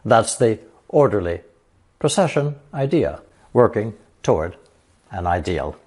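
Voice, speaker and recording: Male teacher, lower voice, unhurried scripted lesson delivery, a bit breathy. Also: very animated, darkish tone. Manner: slow, measured explanations with example sentences read aloud. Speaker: language teacher.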